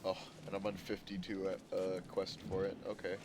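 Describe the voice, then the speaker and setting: A man's voice: low-pitched, completely flat delivery, normal speed, noisy background. A man streaming a game, chatting casually with self-deprecating asides into a desk mic. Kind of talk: casual gameplay commentary. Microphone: desk microphone. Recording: stream audio with game music. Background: game music clearly heard.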